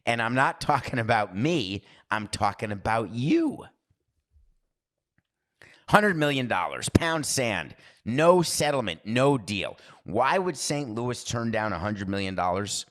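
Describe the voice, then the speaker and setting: Speaking slowly in a sing-song lilt, a man with a medium-pitched, fairly bright voice hosts a podcast. His casual monologue meanders and keeps stopping to interrupt itself.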